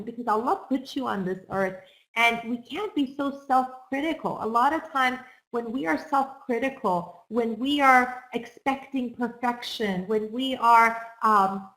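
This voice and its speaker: A woman with a fairly high voice gives an encouraging talk as a counselor, earnest and direct. She often turns to her listeners with questions. The room around her rings with echo. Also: a bit bright. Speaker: counselor speaking on self-esteem. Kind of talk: talk to an audience.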